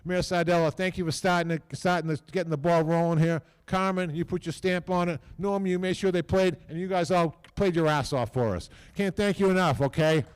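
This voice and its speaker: A man's voice: on the high side, fairly even intonation, brisk, few pauses, clean tone. Older New man, casual rambling speaker, fond and folksy at a ceremony podium. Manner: rambling, folksy, repeats "okay?" and phrases. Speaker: team owner speaking at a hall of fame ceremony. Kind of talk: casual off-the-cuff speech.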